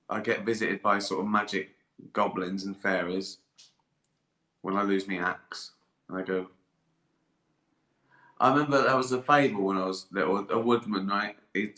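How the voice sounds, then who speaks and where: A man's voice: fairly low pitch, sharp tone. Sweary older man in an echoey room. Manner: sweary, rambling, laughs often. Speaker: comedian on a live stream. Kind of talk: casual chat.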